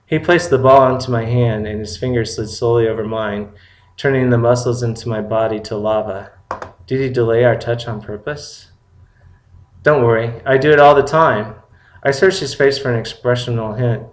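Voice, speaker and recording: A man reading a first-person story aloud in a plain, steady way. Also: mid-range voice, moderate pace. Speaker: story reader. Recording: roomy echo.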